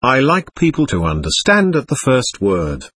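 A man's voice: mid-range voice, huge pitch swings, normal speed, a bit bright, breathy edge, dry recording, exaggerated voice. A man voicing a bold, cocky teenage schoolboy who talks in a lofty, mocking way. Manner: lofty, mocking and self-assured.

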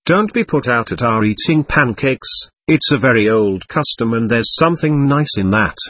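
A man reading the part of a gentle, earnest young man who speaks warmly and pleadingly to a group of boys, in a storybook reading. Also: medium pitch, lively intonation, moderate pace, husky, dry recording. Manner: warm, heartfelt, pleading.

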